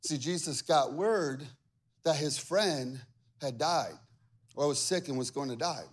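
A male pastor preaching a sermon, animated and conversational, with humor and acted-out quotes. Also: on the high side, unhurried. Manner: acts out quoted voices with big swings in loudness.

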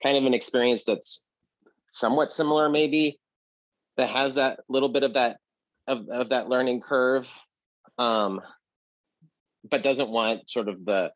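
A man's voice: medium pitch, a little slow, long pauses, dry recording, lo-fi sound. A man co-hosting a casual chat about video games, rambling with many fillers and restarts. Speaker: podcast co-host. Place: apartment.

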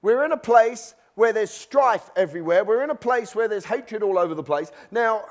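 A man preaching in a church, his voice sitting high for a man. He keeps the sermon conversational and chatty, now and then slipping into the voices of the people he describes. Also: expressive, moderate pace. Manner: conversational, acts out worried believers' voices.

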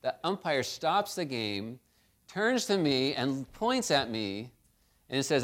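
A man preaching a sermon as pastor, telling a story and then urging his church, with big swings between loud and quiet. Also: medium pitch, sing-song, slow pace.

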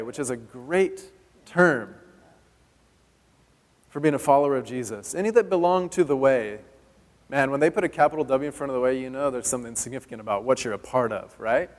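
A man from California preaching a sermon in a church, reading Scripture aloud and breaking off for quick conversational asides. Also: on the high side. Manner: fast-talking, conversational asides while reading. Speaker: pastor. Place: church sanctuary. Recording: long hall reverb.

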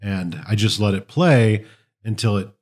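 Low-voiced laid-back man chatting. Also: unhurried. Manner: laid-back, laughs often, swears casually. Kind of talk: casual chat.

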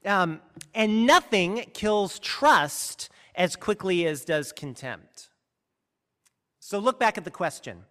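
A man preaches a sermon with real earnestness, leaning hard on his key words and often restarting a sentence mid-thought. His voice is high and swoops widely in pitch. The sound carries the long reverb of a large hall. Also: expressive, takes it slowly, a bit bright. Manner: earnest, emphatic, with frequent restarts. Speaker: pastor.

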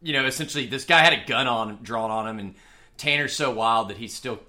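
A man's voice: mid-range voice, a little fast, sharp tone. A man talking enthusiastically about a movie in casual chat, chiming in to agree. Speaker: podcast co-host.

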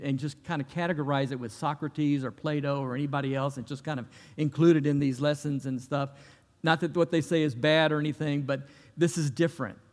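A middle-aged man preaching a sermon, conversational and lively, telling stories and often restarting his sentences. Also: fairly high pitch, big-room sound. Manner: conversational, animated storytelling with repeated restarts. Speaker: pastor.

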